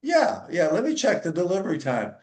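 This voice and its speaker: A man voicing a cheerful, overly polite young woman answering a foundation's phone line, pitched above his own voice in a roomy echo. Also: huge pitch swings, a little fast, darkish tone. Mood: gushing. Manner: bubbly, eager, overly polite.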